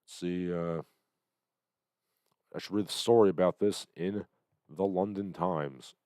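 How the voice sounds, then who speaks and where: A man hosting a livestream, commenting on the news in a sardonic, halting way with lots of fillers, still getting over an illness. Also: sits low, dark tone, no room sound. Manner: sardonic, hesitant with many fillers. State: recovering from illness, coughing. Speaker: livestream host.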